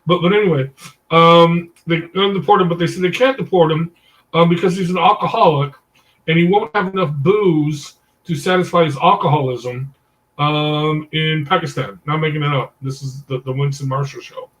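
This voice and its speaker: Rambling man, somewhat high, distant mic. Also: normal speed, a bit bright. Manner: rambling, many fillers, corrects himself mid-story. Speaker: discussion group leader. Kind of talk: rambling casual discussion.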